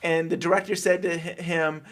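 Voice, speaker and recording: A man with a higher-than-usual voice, co-hosting a podcast about a TV series. He chats casually and tells stories with animated delivery. He often acts out what others said. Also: moderate pace. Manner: animated storytelling, acting out quotes. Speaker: podcast co-host. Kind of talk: casual chat.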